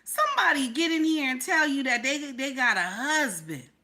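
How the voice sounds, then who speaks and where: A woman's voice: sits high, big pitch swings, moderate pace, bright, forceful tone. An older woman, giving sassy live-stream commentary and often repeating "okay?". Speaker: reaction streamer.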